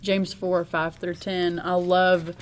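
A woman with a lower-than-usual voice chats casually in a podcast. She talks loosely and leans on fillers as she goes. Faint background noise runs under her voice. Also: slow pace. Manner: relaxed, filler-heavy speech with frequent "like" and "you know".

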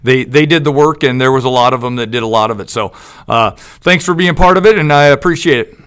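A man's voice: mid-range voice, fast talker, fairly bright tone, clean tone. Easygoing middle-aged male coach. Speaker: guest, former baseball coach. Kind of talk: casual chat.

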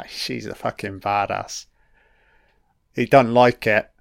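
A man doing a casual, profane film commentary, heckling the characters on screen, his throat a little croaky from illness. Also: on the low side, drawn-out words, fairly bright tone, dry recording, clean studio sound. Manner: profane, talks back at the screen.

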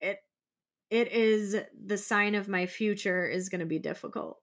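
A woman's voice: mid-range voice, moderate pace. A woman co-hosting a podcast, chatting casually and dropping wry asides. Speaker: podcast co-host. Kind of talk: casual chat.

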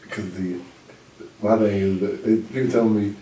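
A man hosting a podcast in casual chat, blunt and animated, talking in quick bursts. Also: fairly low pitch, distant mic. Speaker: podcast host. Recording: roomy echo, mic set back.

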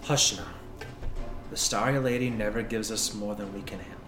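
A man voicing a calm, tired woman who leads a religious order, speaking soothingly and gently sternly. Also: on the low side, moderate pace, reverberant, over music, close to an everyday voice.

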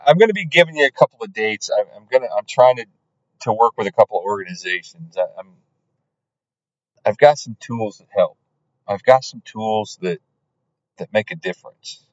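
Earnest, halting man on a dull, dry podcast. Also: mid-range voice, a little mellow, dry recording. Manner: earnest, halting with many restarts. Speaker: podcast host. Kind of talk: personal story podcast.

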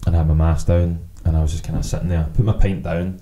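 A Scottish podcast co-host talks fast in a low, mellow voice with little pitch movement, over poor audio. In casual chat he spins rambling, sweary anecdotes, acting out both sides of the conversations he quotes.

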